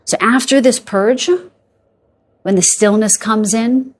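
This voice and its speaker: A woman's voice: a little high, takes it slowly. Chatty woman giving a tarot reading. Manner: chatty, warm asides to viewers, frequent "okay?" and "you guys"; yawns and laughs while talking. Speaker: tarot reader. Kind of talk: casual spiritual tarot reading.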